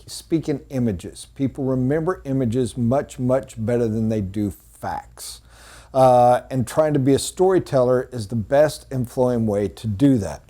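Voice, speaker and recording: Male sales trainer, mellow mid-pitched voice, storytelling delivery that sinks to hushed emphasis.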